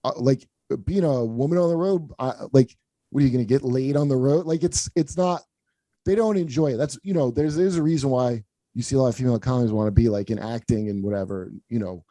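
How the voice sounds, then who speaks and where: Another comedy podcast host rambles through crude anecdotes in relaxed chat, slipping into character for the quoted bits. His medium-pitched voice has a dark tone and moves a little quickly, with no room sound at all.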